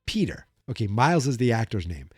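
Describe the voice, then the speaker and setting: A man's voice: medium pitch, big pitch swings, brisk, husky, no room sound, studio quality, faint music behind. A man hosting a podcast, recapping a film in a loose, rambling way, often correcting himself and acting out characters' lines. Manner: rambling, self-correcting, acts out quotes. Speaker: podcast host. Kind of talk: casual movie recap.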